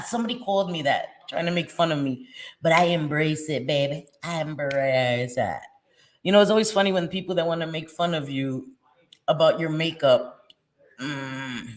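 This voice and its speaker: Woman in her forties, beauty vlogger, chatty and playful, easy laughter. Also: sits low. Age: 40s. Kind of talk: casual chat while doing makeup.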